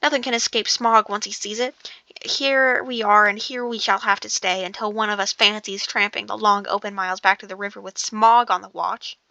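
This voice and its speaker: A woman's voice: mid-range voice, steady tone, normal speed, creaky, pushed and bright, no echo, rough recording. A woman reading the part of a stern, dignified dwarf leader who gives clipped, commanding orders.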